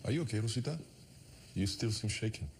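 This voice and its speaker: An actress playing a mother in a TV drama, guarded and calm. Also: rumbling low, fast, a little hiss or hum.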